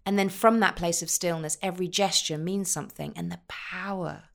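Woman, low voice, gravelly, thoughtful, deliberate, emphatic, interview guest. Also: fairly even intonation. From England. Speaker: actor guest. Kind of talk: podcast interview.

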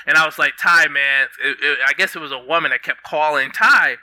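Young man, animated guest storyteller, bright and dry. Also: a little high, a little fast, no room sound, rough recording. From United States. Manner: animated, laughing often, acts out quotes. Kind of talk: casual storytelling.

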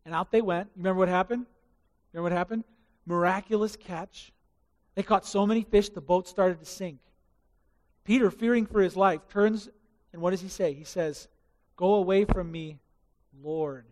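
A man preaching a sermon as pastor, telling the story in an animated way and asking the congregation questions. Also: high voice, normal speed, pauses often, long reverb tail.

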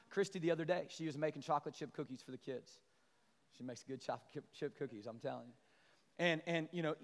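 High-voiced animated preacher man. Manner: animated, climbs to loud emphatic peaks, calls out to the congregation. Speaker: pastor. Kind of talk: sermon. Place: large church sanctuary. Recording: long church hall reverb.

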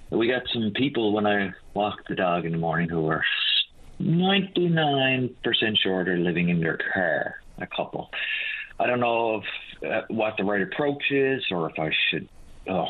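A man calling a radio show, talking casually and hesitantly about a touchy local situation. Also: sits low. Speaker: caller. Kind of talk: phone-in call. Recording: tinny phone line.

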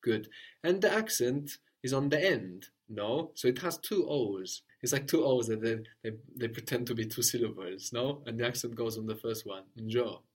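Guy teaching a language lesson, patient, kinda husky voice, keeps asking "no?". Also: mid-range voice, lively intonation, normal speed. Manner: patient, prompts and corrects, often ends with "no?". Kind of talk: guided spoken language lesson.

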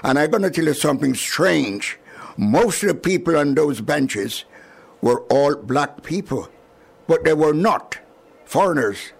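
An older man from Jamaica with a Jamaican accent, recalling his arrival in an oral history interview with chuckles and lively retelling. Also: fairly high pitch, a little slow, vocal fry, husky. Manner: chuckling, animated storyteller.

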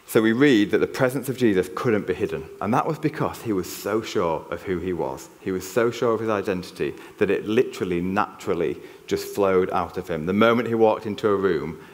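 Deep-voiced man preaching a sermon. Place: church. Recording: long church reverb.

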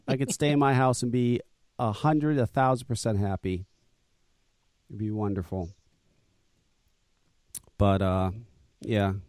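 A man who hosts a podcast and owns a vape shop chats casually, bluntly and profanely, often ranting and grumbling. His mid-range voice is warm, recorded in studio quality with no room sound.

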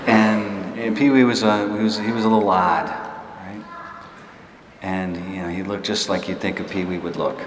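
A man preaching a sermon, telling a personal story in a halting, conversational, self-deprecating way with many restarts. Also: lowish voice, steady tone. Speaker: pastor. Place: church hall before a laughing congregation. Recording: echoey hall, distant room noise.

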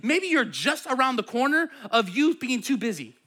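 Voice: high voice, big pitch swings, normal speed, pushed and bright. A pastor and parent preaching a sermon in a conversational, playful way. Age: adult parent.

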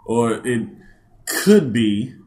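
A man's voice: mid-range voice, big pitch swings, very slow, a little mellow. A man from Alabama co-hosting a podcast, teasing his friend in dry, casual banter. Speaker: podcast co-host.

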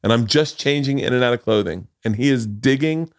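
A man hosting a podcast, telling stories in a lively, profane way. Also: mid-range voice, a little fast. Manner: animated, profane storytelling. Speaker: podcast host. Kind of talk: casual chat.

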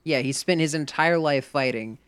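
A man's voice: fairly high pitch, normal speed, over a noisy crowd. A young man in casual chat, blunt and crude, joking freely.

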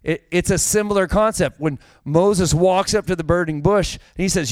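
A man's voice: high voice, moderate pace, hardly any pauses, darkish tone, no room sound. A man preaching a sermon, with a casual, conversational manner and direct questions to the congregation. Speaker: pastor.

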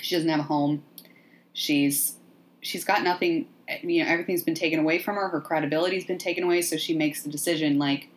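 A woman hosting a podcast, recapping a movie in a sardonic, profane, animated way. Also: low-pitched, fairly quick. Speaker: podcast host. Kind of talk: casual movie recap chat.

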